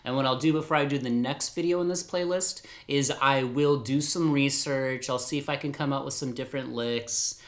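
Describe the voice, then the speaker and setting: A man's voice: medium pitch, fairly even intonation, moderate pace, hardly any pauses. A man teaching guitar in a casual, rambling, upbeat way, laughing at himself as he goes. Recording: roomy echo with guitar playing.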